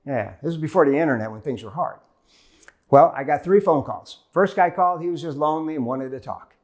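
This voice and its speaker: A middle-aged man with a high-pitched voice delivers a motivational keynote from a stage. He tells his story with energy and plays out each side of the conversations for the audience. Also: fairly quick. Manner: animated storyteller acting out conversations. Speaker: keynote speaker. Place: stage before a live audience.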